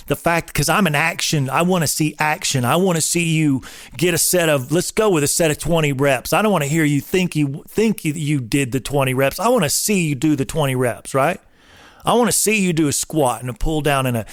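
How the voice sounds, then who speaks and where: A man's voice: on the high side, dry recording, clean studio sound. A man in his forties giving an emphatic, coach-like talk on faith and marriage, like a drill instructor. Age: 40s. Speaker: host. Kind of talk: casual preaching talk.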